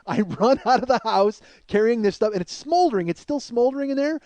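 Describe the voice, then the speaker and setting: A middle-aged man with a very high, expressive voice tells a heated personal story in a monologue as podcast host, speaking a little fast with no room sound. He swears constantly and loudly acts out the quotes in his tale.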